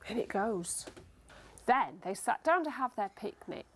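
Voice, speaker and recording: Woman teacher, high, very lively voice, unhurried storytelling for small children. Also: slight background noise. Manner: slow, animated and encouraging. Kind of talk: phonics storytelling to young children.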